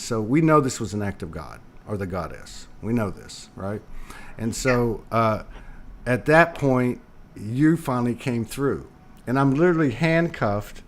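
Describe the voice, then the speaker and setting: A man's voice: mid-range voice, animated, moderate pace, a little hiss or hum. A man hosting, dramatically retelling a story in casual talk. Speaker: host.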